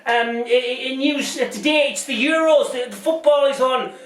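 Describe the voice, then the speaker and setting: A bumbling, bigoted news anchor, as a comedian puts him on, stumbling through his lines and flaring into rants. The voice sits high for a man. It sounds echoey and a little off-mic. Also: moderate pace, a bit bright, recorded from a distance. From Britain. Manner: rambling, stumbling, bursts into rants. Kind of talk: parody news presenting.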